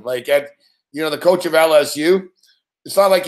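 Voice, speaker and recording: A man's voice: high-pitched, normal speed. A man hosting a casual live reaction chat, laughing, swearing and rambling as he talks. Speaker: host.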